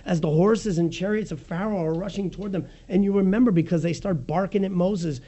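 A male pastor with a raspy, mellow voice that sits a little high for a man. He preaches with big swings between soft, low lines and loud, rising ones, and jokes at his own mistakes along the way. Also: fairly quick. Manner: animated preaching with wide swings in pitch and loudness; jokes at his own slips, laughs easily. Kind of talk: sermon.

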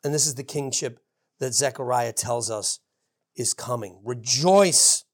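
Husky-voiced woman preaching casually. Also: extremely low pitch, a little slow. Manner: informal, with frequent asides and restarts. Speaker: pastor. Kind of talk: conversational sermon.

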